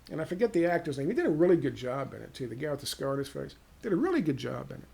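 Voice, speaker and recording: A man with an American accent giving a heated, profane political monologue, firing off rhetorical questions and dropping to hushed tones. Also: on the high side, very animated, racing, creaky, husky. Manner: ranting, drops to hushed tones. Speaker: political commentator.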